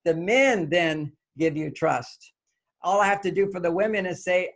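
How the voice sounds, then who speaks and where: Gravelly older man explaining animatedly. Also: a little high, normal speed. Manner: animated, acts out little dialogues. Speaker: guest author. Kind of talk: interview conversation.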